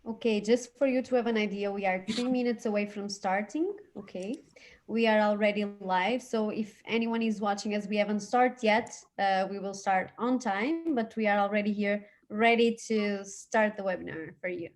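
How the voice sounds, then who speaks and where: Woman host on a video call, lots of uhs and ums, middle pitch. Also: moderate pace. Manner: hesitant, many fillers. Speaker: webinar host. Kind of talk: hosting a live webinar.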